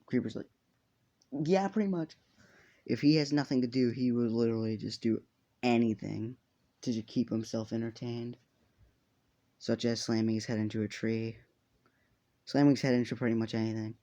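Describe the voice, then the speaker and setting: A man's voice: mid-range voice, flat delivery, brisk, warm tone, highs cut off. A man casually retelling a fan story, rambling, laughing and swearing as he goes.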